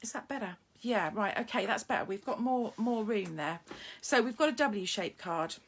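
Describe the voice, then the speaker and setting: A woman's voice: medium pitch, animated, normal speed, slightly rough. Chatty woman demonstrating card-making live. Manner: chatty and self-mocking, greets viewers while working. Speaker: papercraft demonstrator.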